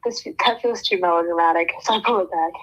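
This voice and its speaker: A woman's voice: on the low side, fast, a bit bright. Woman reading a novel aloud, lo-fi. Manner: reads expressively, breaks off for joking comments. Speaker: book club reader. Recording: dull lo-fi sound.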